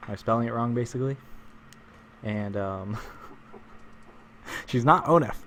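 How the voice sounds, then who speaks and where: A man's voice: mid-range voice, unhurried, fairly bright tone, a little hiss or hum. A man live-streaming a game, chatting casually with viewers, joking and rambling with frequent chuckles.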